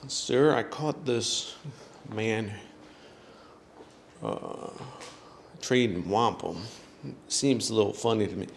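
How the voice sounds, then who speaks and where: A man's voice: fairly low pitch, animated, slow pace, vocal fry, long pauses, a little hiss or hum, exaggerated voice. A man voicing a suspicious frontier militia soldier who bluntly questions a captured stranger.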